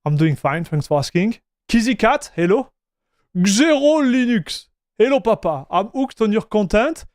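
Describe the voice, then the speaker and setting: Male streamer, casual chat host; raised pitch, close dry mic. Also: very animated, unhurried, a little mellow, no room sound. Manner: chatty, greets viewers, reads chat aloud; frequent restarts and fillers.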